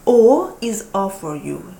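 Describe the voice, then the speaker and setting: Persian-accented woman, halting and laughing. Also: medium pitch, big pitch swings, vocal fry, dark tone, echoey room. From Iran. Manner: halting, searching for words, laughs often. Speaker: interview guest. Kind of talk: casual conversation.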